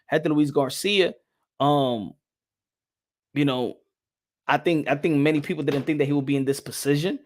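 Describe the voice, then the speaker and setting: Excitable guy w a high voice ranting about fights, keeps repeating stuff. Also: normal speed, pauses often. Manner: animated, repetitive, gets loud and excited. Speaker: boxing show host. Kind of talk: casual boxing commentary.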